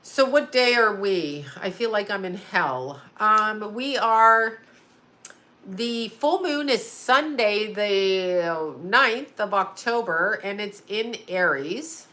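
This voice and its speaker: A woman's voice: mid-range voice, animated, takes it slowly, bright, forceful tone. A middle-aged woman hosting a casual live stream from her home, rambling and chatty, often laughing. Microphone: home video call setup.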